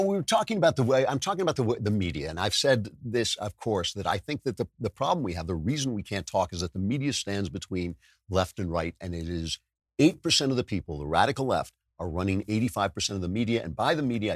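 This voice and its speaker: A man's voice: on the low side, fast talker, no room sound, studio quality. A man hosting a podcast, delivering a sarcastic political commentary monologue with lots of restarts and self-corrections. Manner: animated, sarcastic, mimics voices. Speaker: podcast host.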